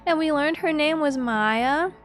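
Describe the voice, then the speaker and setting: A young woman chatting casually as a streamer, giggly and excitable, swearing freely. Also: high-pitched, a little slow, soft background music. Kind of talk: casual chat.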